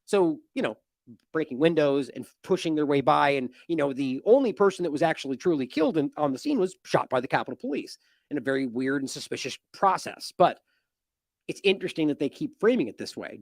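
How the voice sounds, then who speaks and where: Fast, animated man giving indignant news commentary. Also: fairly high pitch, no echo, clean studio sound. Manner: animated, indignant, mocking with sarcastic quotes. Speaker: independent news show host.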